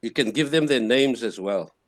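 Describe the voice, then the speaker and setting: A man teaching a classroom lesson, sounding out words slowly syllable by syllable and repeating them. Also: medium pitch, no echo, studio quality.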